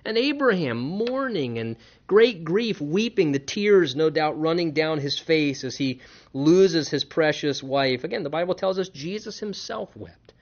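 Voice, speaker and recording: A man, a pastor preaching a sermon in an earnest way, dropping to a hush and then rising to stress a point. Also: a little high, animated, unhurried. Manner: earnest, swings between hushed and emphatic. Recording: dull lo-fi recording.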